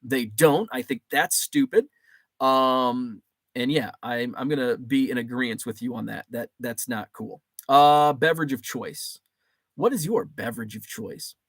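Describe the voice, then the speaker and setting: A man's voice: mid-range voice, expressive, a little slow, fairly bright tone, no echo. A man from Illinois hosting a casual livestream, reading viewer comments aloud and answering them in a chatty, rambling way. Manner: chatty, rambling, with frequent ums and restarts. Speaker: livestream host.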